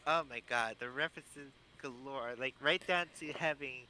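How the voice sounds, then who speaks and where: A man co-hosting a casual podcast chat, rambling and excitable, swearing casually. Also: medium pitch, moderate pace, slight background noise. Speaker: podcast co-host.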